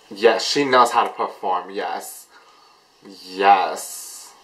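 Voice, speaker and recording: Man, reaction vlog host, bright tone, swooping lively pitch, gushing and excitable. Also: a little slow, poor audio. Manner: gushing, excitable, shrieks in delight.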